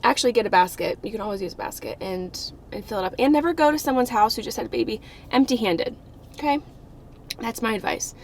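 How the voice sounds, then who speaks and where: A woman's voice: on the high side, expressive, fast, a little hiss or hum. A young woman vlogging with casual, upbeat chatter, full of "like" and "you know.". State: out of breath. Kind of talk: casual vlog chat.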